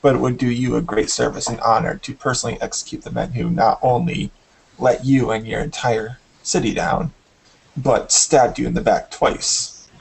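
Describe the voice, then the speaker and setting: Guy player at the table, gravelly voice, earnest, kinda in character. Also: medium pitch, steady tone, moderate pace, low-quality recording. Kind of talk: tabletop game chat.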